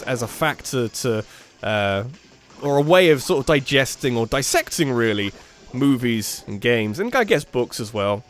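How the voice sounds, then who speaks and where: A man rambling through gameplay commentary, thinking aloud and giving opinions. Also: medium pitch. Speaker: let's play commentator.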